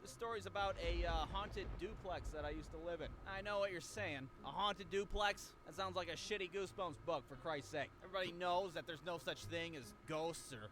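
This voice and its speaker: A man in his twenties telling a comedic story in a crude, sarcastic, deadpan way. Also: a little high, fairly quick, few pauses, a little hiss or hum. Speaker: animated storyteller. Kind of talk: comedic scripted narration.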